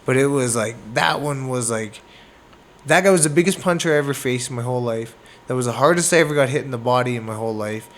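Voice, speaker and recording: Canadian boxer telling a fight story. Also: male voice, mid-range voice, fast talker, a little hiss or hum. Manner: animated, acts out moments with sound words. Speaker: boxer guest. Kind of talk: casual storytelling interview.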